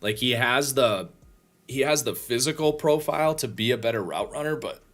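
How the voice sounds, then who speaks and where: A man's voice: mid-range voice, lively intonation, normal speed, a bit bright. A tired man hosting a livestream, casually breaking down football game film and thinking aloud with frequent restarts. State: tired, yawning. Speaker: host and football draft analyst.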